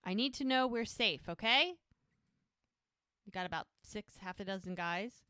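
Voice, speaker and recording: A woman's voice: medium pitch, animated, measured pace, pushed and bright, smooth, no echo, studio quality. A woman co-hosting a podcast, retelling TV scenes in casual chat and quoting the characters' lines. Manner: retells scenes with quoted dialogue. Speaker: podcast co-host.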